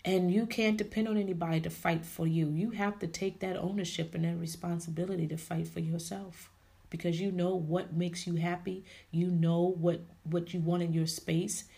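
A woman's voice: lowish voice, fairly even intonation, moderate pace, creaky, dark tone. A woman hosting a podcast, giving an emphatic, preachy faith-based motivational talk and calling her listeners ladies and honey. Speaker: podcast host.

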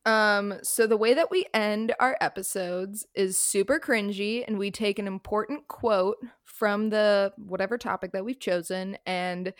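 A young woman co-hosting a podcast, leading the questions with wry, deadpan humor. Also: mid-range voice, unhurried, few pauses, clear, resonant tone, no echo, clean studio sound. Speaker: podcast co-host. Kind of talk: casual podcast chat.

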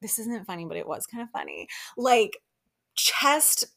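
A woman hosting a podcast, chatting casually through a recap of a reality TV episode with lots of "like" and quick laughs. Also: on the high side, wildly swooping pitch, vocal fry, a bit bright. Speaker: podcast host.

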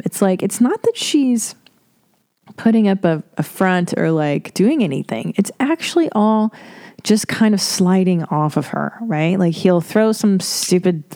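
Woman podcast host, low-pitched, swearing and rambling through an animated solo chat; dry, close mic. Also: no room sound. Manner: profane, rambling, animated with sarcastic asides. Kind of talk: casual monologue.

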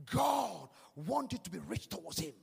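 High, husky preacher man in a reverberant church. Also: very animated, normal speed. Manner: swings from hushed to shouted, sing-song emphasis, calls for claps. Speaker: pastor. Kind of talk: sermon. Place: church hall with congregation. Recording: long church hall reverb.

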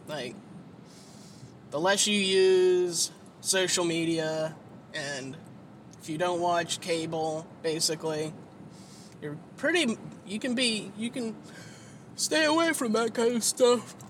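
A tired, sleepy man drives and rambles in a casual monologue, his high voice steady and slow with long pauses. He swears a lot and leans on fillers, while road and engine noise fills the car.

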